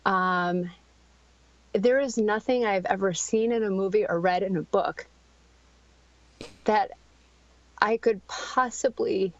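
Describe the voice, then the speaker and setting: A middle-aged woman telling a painful personal story in a podcast interview, halting and searching for words, with frequent ums and restarts. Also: medium pitch. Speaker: guest. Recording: dry, slightly dull podcast audio.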